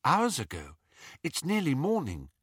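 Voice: medium pitch, wildly swooping pitch, unhurried, husky, no echo, clean studio sound, heavily acted. A reader voicing an anxious, caring teenage girl witch who speaks urgently and with worry. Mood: worried. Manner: urgent, worried.

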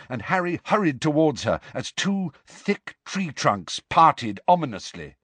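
A man narrates a story in a measured, dramatic way, taking his time over each phrase. His pitch swings widely to paint the action. The recording is close and dry, with no room echo. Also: fairly bright tone. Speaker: audiobook narrator. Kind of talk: scripted narration.

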